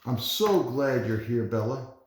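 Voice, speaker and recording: A man's voice: medium pitch, expressive, unhurried, natural voice. A man voicing a loving, cheerful older Italian grandmother with a heavy Italian accent and a doting, coaxing manner, in a storybook read-aloud. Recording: roomy echo.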